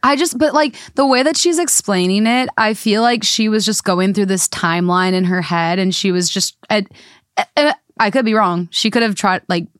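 A young woman co-host who talks in animated, rambling bursts, laughs often and leans on "like" as she goes. Her pitch is mid-range for a woman. The sound is dry and close. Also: moderate pace, no echo. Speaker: podcast co-host. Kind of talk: casual chat.

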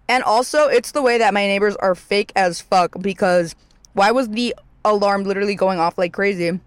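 A young woman vlogger telling a story in casual chat, animated and slangy, swearing freely and acting out the people she quotes. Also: mid-range voice, normal speed, smooth, no echo.

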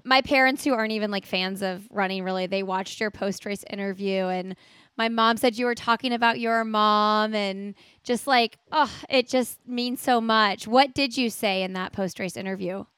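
A woman's voice: medium pitch, moderate pace, a bit bright, smooth, dry recording. A woman hosting a podcast interview, asking encouraging questions. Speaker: podcast host.

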